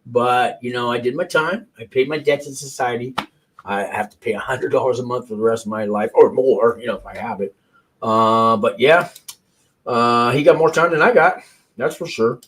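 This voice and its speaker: A man with a medium-pitched voice and a moderate pace hosts a call-in show against a noisy background. His unscripted, casual commentary is rambling and profane, full of restarts.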